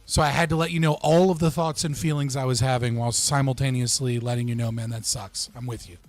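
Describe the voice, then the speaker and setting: A man hosting a live stream panel, talking in a casual, animated way with swearing and joking outbursts. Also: mid-range voice, quick pace, soft background music. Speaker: livestream host.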